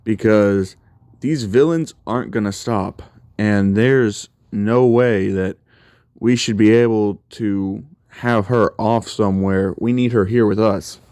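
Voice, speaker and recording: Rich: A blunt, commanding king of the gods, stern and scolding, who does not soften his words , voiced by a man. The voice sits low and sounds close and dry. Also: slow pace, smooth, no echo.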